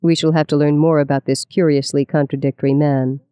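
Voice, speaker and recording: Mellow, smooth audiobook narrator. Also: mid-range voice, flat delivery, brisk, no echo, clean studio sound. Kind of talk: scripted nonfiction narration.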